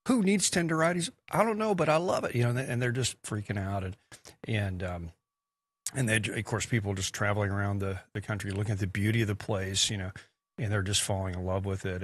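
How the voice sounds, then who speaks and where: Husky low-voiced male talk host. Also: fairly bright tone, no echo. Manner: folksy, rambling, conversational. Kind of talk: casual studio talk show monologue. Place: TV studio.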